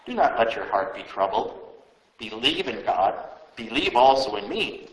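A man voicing a calm male teacher speaking solemn, tender last words, recorded in a roomy space. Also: fairly low pitch, moderate pace, voice pushed down. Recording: roomy echo.

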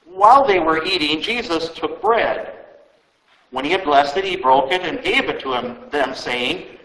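A man giving a measured, expressive reading of scripture, recorded in a roomy space. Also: on the high side. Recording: roomy echo.

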